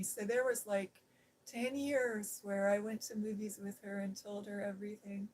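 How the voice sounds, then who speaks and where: A middle-aged woman, an ASMR host, telling a personal story in a gentle, hushed voice that drifts into whispers. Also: medium pitch, flat delivery, moderate pace, low-quality recording. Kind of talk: soft-spoken storytelling.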